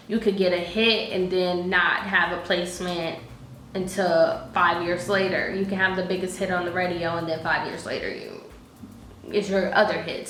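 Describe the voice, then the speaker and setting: A woman's voice: fairly low pitch, a bit bright, a little hiss or hum. A woman in her late twenties giving a casual personal life update straight to her viewers, candid and emotional, swearing freely and sometimes close to tears. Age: late 20s. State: near tears at times. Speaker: vlogger. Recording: echoey room with faint ambience.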